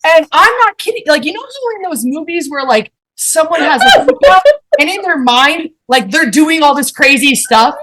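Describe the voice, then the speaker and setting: Animated woman telling a profane story. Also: sits high, normal speed, very noisy. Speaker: podcast panelist. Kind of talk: casual storytelling chat.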